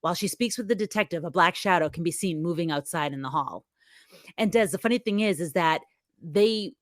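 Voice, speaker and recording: A woman co-hosting a casual podcast, retelling a film's plot in a chatty, animated way. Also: mid-range voice, dry recording, clean studio sound. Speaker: podcast co-host recapping the plot.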